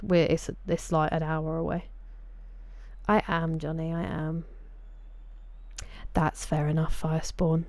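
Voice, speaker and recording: Low, mellow Sussex woman streaming. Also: little pitch movement, slow, pauses often, no echo. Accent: Sussex English. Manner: chatty, greets viewers by name. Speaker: game streamer. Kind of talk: casual live-stream chat.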